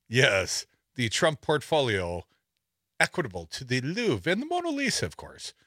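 Wry, lively talk radio man. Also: mid-range voice, normal speed, no room sound, studio quality. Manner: wry, laughs while reading. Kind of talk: sarcastic news commentary. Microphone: studio microphone.

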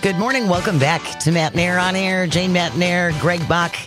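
A man's voice: sits high, normal speed, over music. A man co-hosting a morning talk radio show from a studio, announcing in an upbeat way. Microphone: studio microphone.

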